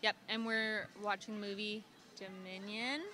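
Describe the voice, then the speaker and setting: A woman's voice: mid-range voice, little pitch movement, a little slow, bright, forceful tone. A woman speaking in a casual outdoor interview at a festival, friendly and a bit tentative.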